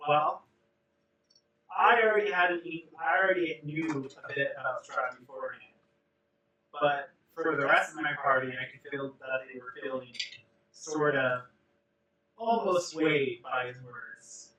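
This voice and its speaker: A man playing a character in a tabletop game, speaking in a measured, polite way. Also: fairly high pitch, bright, forceful tone, far from the mic. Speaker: player. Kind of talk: in-character tabletop role-play. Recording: roomy, off-mic.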